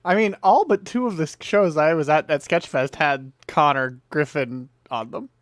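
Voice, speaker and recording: A man's voice: a little high, normal speed, no echo. A man co-hosting a podcast, telling anecdotes in matter-of-fact casual chat. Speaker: podcast co-host.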